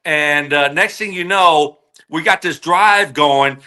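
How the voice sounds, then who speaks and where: A man's voice: fairly high pitch, takes it slowly, pushed and bright. A man in his forties, a former wide receiver and podcast guest, telling a story casually and animatedly, his voice jumping up when he replays his own outbursts.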